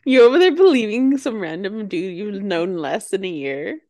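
Woman, mid pitch, podcast co-host, casual chat, teasing, supportive. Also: lively intonation, normal speed, dark tone.

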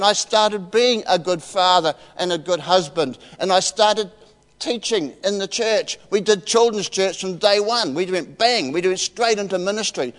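A man, giving a heartfelt, emotional personal testimony as a preacher in a church. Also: high voice. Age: 60s. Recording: reverberant church hall.

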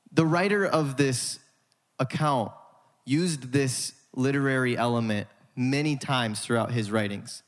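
A male pastor preaching a sermon in an emphatic style with dramatic pauses, in a church sanctuary. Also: medium pitch, vocal fry. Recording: hall reverb.

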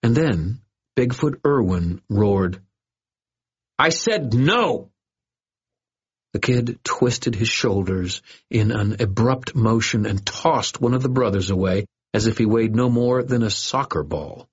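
Deep, husky male audiobook narrator. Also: a little slow. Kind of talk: scripted first-person narration. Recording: dull lo-fi audio.

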